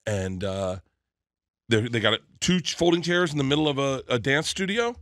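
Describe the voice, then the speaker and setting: A man, a comedian guest, telling a long anecdote in an excitable way, with quick restarts and stammers, and slipping into other people's voices. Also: medium pitch, dry recording, clean studio sound. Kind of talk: animated storytelling anecdote.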